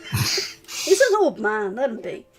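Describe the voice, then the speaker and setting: A woman running a tabletop game as game master, relaxed narration with frequent fillers. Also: on the high side, slow pace.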